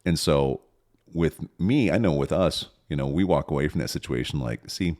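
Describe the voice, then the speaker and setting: Deep-voiced man rambling thoughtfully. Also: moderate pace, darkish tone. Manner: rambling, thinking aloud with restarts. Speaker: podcast co-host. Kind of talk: casual parenting chat.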